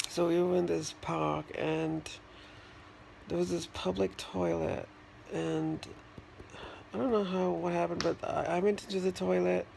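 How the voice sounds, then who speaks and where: A man in a casual vlog, telling a childhood story in a halting, rambling way, with many restarts and fillers. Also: high-pitched, steady tone, creaky, a little mellow, a little hiss or hum. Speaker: vlogger.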